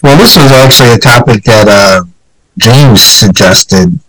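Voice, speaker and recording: A man's voice: mid-range voice, a bit bright. A male podcast host chats casually while fighting off the flu. He stops and restarts often, filling gaps with ums. His voice sounds close and dry, with no room echo. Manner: halting, many fillers and restarts. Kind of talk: casual chat.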